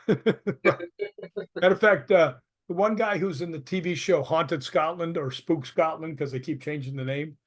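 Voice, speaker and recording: A man's voice: fairly high pitch, measured pace. A man being interviewed as a guest, telling anecdotes in a chatty way and laughing often. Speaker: paranormal investigator guest. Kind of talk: casual interview storytelling.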